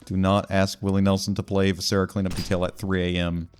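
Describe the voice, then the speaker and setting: Gamer man, lowish voice, loose rambling let's play patter. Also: flat delivery, quick pace, faint music behind. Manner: rambling, joking, lots of fillers and voice bits. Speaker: gaming YouTuber.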